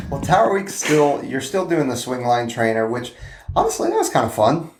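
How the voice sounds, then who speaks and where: A man's voice: medium pitch, normal speed. A man in his forties in a casual podcast chat, looking back on his past in a reflective, self-deprecating way. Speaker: podcast co-host. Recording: steady background noise.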